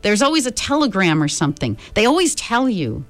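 A woman's voice: mid-range voice, very animated, brisk, faint music behind, pitched above the performer's own voice, close to an everyday voice. A woman reading a story aloud, voicing an unhappy teenage girl who talks in a trembling voice choked with tears. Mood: tearful. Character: unhappy awkward teenage girl, tearful and self-critical.

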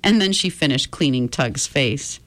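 A woman reading a children's chapter book aloud in a gentle, expressive storytelling manner. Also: a bass voice, moderate pace.

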